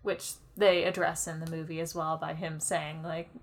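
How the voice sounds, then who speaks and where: A woman co-hosting a podcast in casual chat, enthusiastic and quick to restart her sentences. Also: low-pitched, level tone, slight background noise. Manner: enthusiastic, frequent restarts and stammered repeats. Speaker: podcast co-host.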